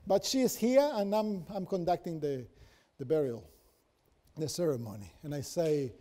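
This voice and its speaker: Male pastor, sermon, high mellow voice, asks the room questions constantly. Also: lively intonation, normal speed. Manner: storytelling with many rhetorical questions to the audience.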